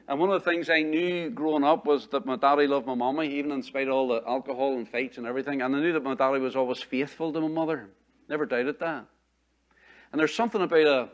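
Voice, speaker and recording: A middle-aged man, preaching a sermon as pastor in a conversational way, repeating phrases and asking the congregation rhetorical questions. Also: mid-range voice.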